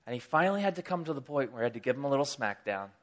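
A man preaching a sermon, retelling a story in a lively, casual way with chatty asides. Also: rapid-fire. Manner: animated storytelling, pitch rising with excitement.

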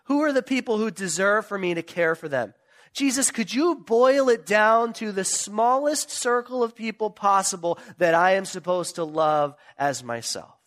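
A preacher voicing an earnest pleading Pharisee. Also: male voice, high voice, animated, moderate pace, a bit bright, voice pushed up. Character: self-justifying male Pharisee pleading with Jesus.

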